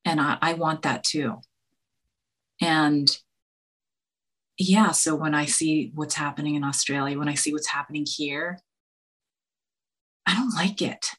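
Female guest, deep-pitched, earnest and faltering delivery. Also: steady tone, fairly bright tone. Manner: halting, searching, with many restarts and fillers. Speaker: podcast guest. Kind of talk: earnest conversation.

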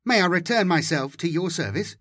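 A man's voice: sits high, animated, brisk, fairly bright tone. A man voicing a polite talking machine disc in an audiobook, formal and courteous.

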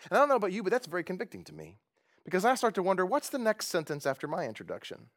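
A man preaching as a pastor at a church gathering. He delivers his sermon in an animated, joking way and laughs often. His pitch is a touch high for a man and swings widely from phrase to phrase. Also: racing.

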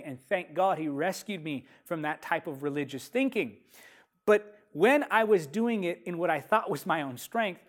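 A preacher delivering a sermon with emphatic, repeated phrases, slowing down sharply to stress key lines. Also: mid-range voice.

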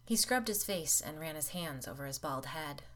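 A woman's voice: low-pitched, animated, moderate pace, a bit bright. Woman narrating a first-person ghost story.

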